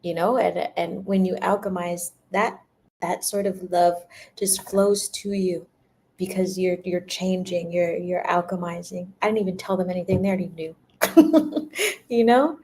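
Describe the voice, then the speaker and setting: A woman's voice: on the low side, steady tone, normal speed, darkish tone, slight background noise. A young woman giving a casual spiritual talk to her viewers, laughing often, repeating herself and acting out little quoted voices. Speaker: spiritual energy reader.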